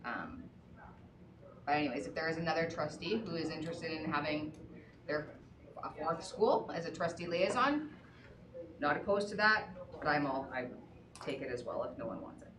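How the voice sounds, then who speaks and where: A woman chairing a school board meeting, reading through a list in a brisk, orderly way. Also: sits low, lively intonation. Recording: echoey room, far from the mic, faint noise.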